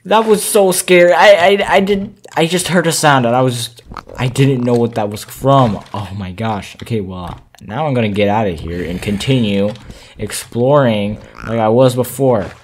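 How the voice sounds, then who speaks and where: A man giving casual, excitable commentary while playing a video game, gasping at finds and talking to his viewers. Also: mid-range voice, moderate pace, a little hiss or hum. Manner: excitable, gasps and exclaims at discoveries, chats to viewers. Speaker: gaming channel host.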